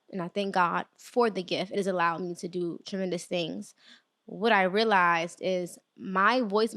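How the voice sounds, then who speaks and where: A woman's voice: medium pitch, a bit bright, no echo, studio quality. Earnest woman hosting a solo podcast. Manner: earnest, conversational, faith-inflected encouragement; frequent fillers and restarts, quick bursts then slow emphasis. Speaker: podcast host. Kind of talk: solo motivational podcast talk.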